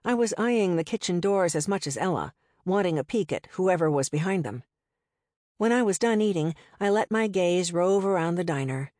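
A woman reading a novel aloud in the first person, in a steady, conversational storytelling manner. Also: lowish voice, normal speed, dry recording, clean studio sound. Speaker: audiobook narrator.

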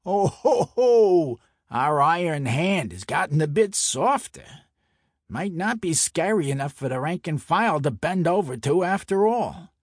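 A man's voice: medium pitch, sing-song, husky, no room sound, studio quality, exaggerated voice. A man voicing a brash middle-aged mob enforcer with a Brooklyn accent, boisterous and needling. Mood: jovial, teasing. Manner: boisterous, needling, quick to anger. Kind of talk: audiobook character voice.

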